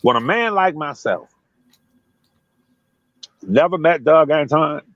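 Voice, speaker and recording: A man talking casually on a live stream, telling stories in an animated way and mimicking other people. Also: fairly high pitch, takes it slowly, no room sound, dull audio. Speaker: guest on a live chat stream. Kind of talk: casual chat.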